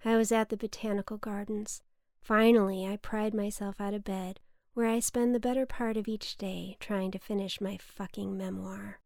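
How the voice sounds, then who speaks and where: A woman reading her own scripted personal memoir in a candid, wry, profane way, often dropping to a hush. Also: mid-range voice, fairly even intonation, moderate pace, creaky, dry recording, clean studio sound. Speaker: memoir podcaster.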